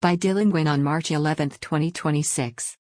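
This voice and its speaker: A woman reading a news article aloud in an even, scripted narration. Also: low-pitched, fairly quick, no room sound, studio quality. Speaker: news reader.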